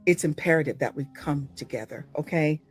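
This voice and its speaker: An older American woman speaks straight into her phone at home in a fairly low voice, blunt and profane. She drops to a murmur, then bursts into loud exclamations. Soft music plays underneath. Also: brisk, slightly rough. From United States. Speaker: actress speaking to her followers. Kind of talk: impassioned monologue.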